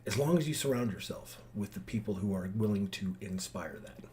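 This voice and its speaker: Man, vlogging dad, heartfelt rambling monologue to his girls, lively pitch. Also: fairly quick, slight background noise. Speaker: father addressing his daughters. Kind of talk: emotional vlog monologue.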